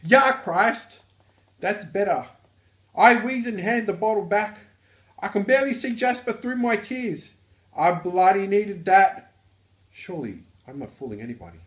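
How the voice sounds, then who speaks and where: A shrill, jittery Australian boy narrator. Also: big pitch swings, measured pace, roomy sound. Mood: dramatic. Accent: exaggerated put-on Australian. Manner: shrill, overblown dramatic reading. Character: nervous teenage boy narrator, jittery and earnest.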